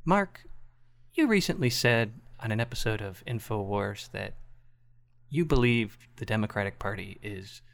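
A man doing a comedic impression of a calm, deadpan public-radio interviewer. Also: lowish voice, moderate pace, creaky.

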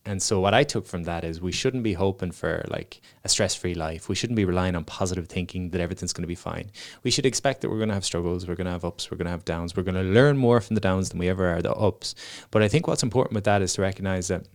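A man's voice: low-pitched, quick pace, hardly any pauses. A young man, a motivational speaker, chatting casually and telling stories in which he acts out the people he quotes. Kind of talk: casual podcast chat.

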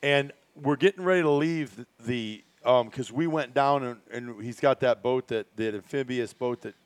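A man hosting a casual podcast chat, telling stories excitedly with many restarts and frequent laughter. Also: mid-range voice, normal speed, clear, resonant tone, no room sound. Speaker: podcast host.

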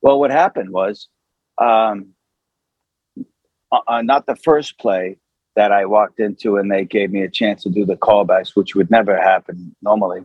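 A man, an actor, telling an anecdote in an animated, conversational way with lots of fillers. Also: fairly low pitch, moderate pace, slightly rough, dry recording, highs cut off. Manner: animated, with many fillers and acted quotes.

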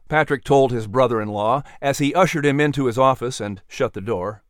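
A man reads a scripted historical story in a measured, even storytelling manner. His voice sits mid-range and the recording is close and dry. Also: medium pitch, no echo. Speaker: narrator.

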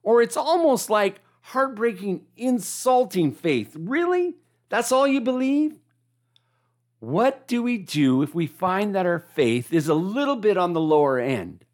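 A preacher delivering a sermon, animated, asking listeners to repeat key lines back. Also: mid-range voice, unhurried, hardly any pauses.

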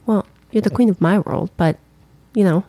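A woman's voice: mid-range voice, normal speed, dark tone, no echo. A woman co-hosting a podcast, chatting casually in a bubbly, jokey way. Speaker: podcast co-host. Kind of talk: casual chat.

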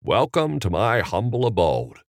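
Man doing a folksy film-star drawl, hesitant, animated pitch, dry close recording. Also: a little slow, no echo, full character voice. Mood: genial. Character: Jimmy Stewart impression, folksy stammering middle-aged man.

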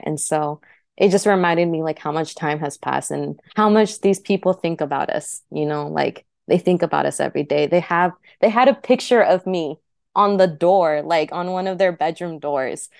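Smooth low-pitched young woman, dry sound. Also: moderate pace, a little mellow, dry recording. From United States. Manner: chatty, heavy use of "like", heartfelt. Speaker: interview guest. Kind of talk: casual personal storytelling.

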